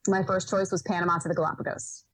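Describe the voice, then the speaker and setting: A young woman from Rhode Island telling stories as a podcast guest, animated, laughing often and acting out what people said. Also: fairly low pitch, fast talker, breathy edge, dry recording, low-quality recording. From Rhode Island, USA. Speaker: podcast guest, environmental educator. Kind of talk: casual storytelling in an interview.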